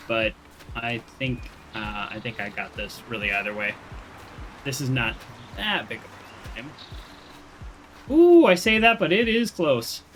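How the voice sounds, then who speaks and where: A man's voice: a little high, fairly bright tone. A man casually commenting while playing a video game, chatty and self-deprecating, thinking aloud with fillers and restarts. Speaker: gaming streamer. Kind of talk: casual let's-play commentary.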